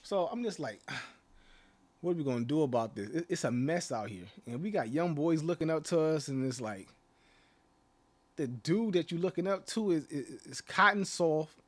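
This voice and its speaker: Male vlogger, higher-pitched, rambling casual rant full of rhetorical jabs. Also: lively intonation, normal speed. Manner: rambling, repeats "like" and "you know", mocking rhetorical questions. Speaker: channel host. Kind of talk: casual opinion rant to camera.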